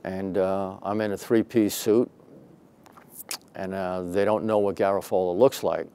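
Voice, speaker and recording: A lowish-voiced older man recounting an old arrest to an interviewer. He talks in a lively, salty way and slips into the voices of the people in his story. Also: unhurried, clean tone. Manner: animated, profane, acts out quoted dialogue. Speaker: retired detective and boxing referee.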